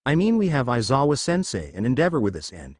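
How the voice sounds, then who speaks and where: A man's voice: mid-range voice, huge pitch swings, fast, husky, dry recording, clean studio sound. A man voicing a blunt, outspoken young woman student who ends her lines with a frog sound.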